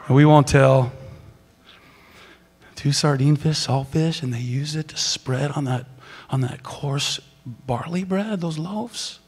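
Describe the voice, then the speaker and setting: Animated man preaching in a reverberant church. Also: a little high, slow, pauses often, slightly rough. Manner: animated, swings from loud exclaiming to soft whispering. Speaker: pastor. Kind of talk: sermon. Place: large church sanctuary. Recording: long hall reverb.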